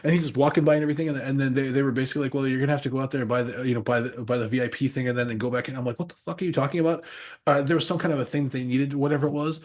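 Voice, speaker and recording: Man, rapid speech, husky voice, rambling animated storyteller, laughs a lot. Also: medium pitch. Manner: rambling and animated, laughs often, swears freely. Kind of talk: casual storytelling chat.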